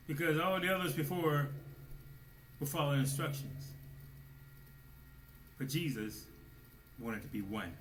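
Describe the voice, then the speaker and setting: A man preaching a sermon, swinging between hushed low asides and loud exclamations, at times speaking as God in the first person. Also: very animated, measured pace, pauses often. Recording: echoey room with faint noise.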